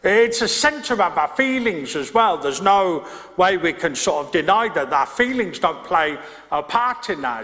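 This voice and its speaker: Middle-aged pastor guy, slightly high voice, chatty sermon w/ asides, church echo. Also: sharp tone. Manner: conversational, with restarts and asides to the congregation. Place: church hall. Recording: reverberant church hall.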